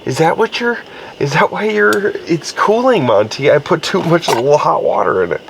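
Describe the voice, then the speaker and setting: A man's voice: a little high, expressive, moderate pace, gravelly, background noise. A man vlogging on a wilderness camping trip, coaxing his dog in a sing-song voice and chatting casually. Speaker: outdoor vlogger. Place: outdoors in the woods at a campsite.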